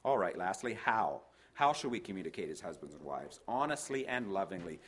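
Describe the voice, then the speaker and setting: An older man with a fairly low voice preaches on marriage. He tells folksy anecdotes, stumbles into restarts and pops his voice up high when he quotes someone. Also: very animated, a little fast, husky. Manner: folksy storytelling, hesitant restarts. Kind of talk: sermon on marriage.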